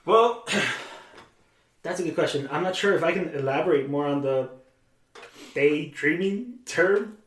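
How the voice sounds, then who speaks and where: A young man, a podcast guest, talking in a calm, measured way and clearing his throat often. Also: a little high. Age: young adult. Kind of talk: casual conversation. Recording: echoey room, mic at a distance.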